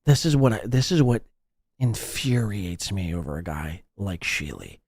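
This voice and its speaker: A man hosts a podcast in a loud, mocking rant. His pitch jumps all over the place, and the sound is dry and close to the mic. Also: moderate pace, slightly rough, no echo. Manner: mocking, ranting, animated. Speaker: podcast host. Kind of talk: profane commentary over played clips.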